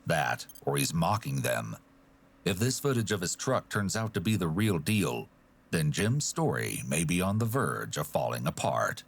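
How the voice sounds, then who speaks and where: A man's voice: low voice, sing-song, measured pace, creaky, slightly rough. A man narrating a true crime documentary, giving pointed, analytical commentary.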